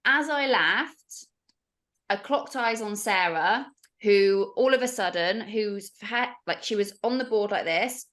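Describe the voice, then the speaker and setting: A woman guest on a podcast tells a story in casual chat, her mid-range voice slow but animated. She acts out the voices of other people as she goes.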